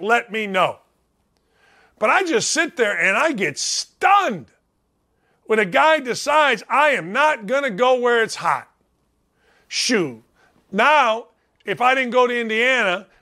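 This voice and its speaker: A man's voice: very high voice, bright, forceful tone. A man in his late fifties hosting a sports talk show, ranting brashly with blunt, repeated points. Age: 50s. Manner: brash, emphatic, repetitive ranting.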